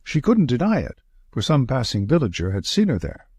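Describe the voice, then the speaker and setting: A man voicing a sharp, confident male detective who asks brisk, probing questions. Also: medium pitch, huge pitch swings, slightly rough, no echo, heavily acted. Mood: reasoning.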